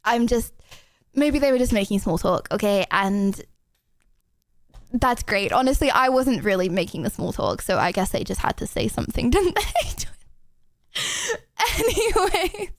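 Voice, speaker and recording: Woman streamer, young, high voice, giggly rambling chat, close dry mic. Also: very animated, a little slow, pauses often, no echo. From England. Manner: giggly, rambling, self-deprecating. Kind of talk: casual chat to a live stream audience.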